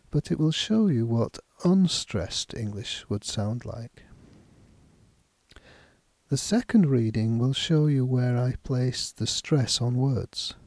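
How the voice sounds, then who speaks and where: A man teaching an English lesson, speaking slowly and deliberately with careful enunciation as he explains stress and reads a text aloud. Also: medium pitch, darkish tone, no room sound. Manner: slow, deliberate, clearly enunciated.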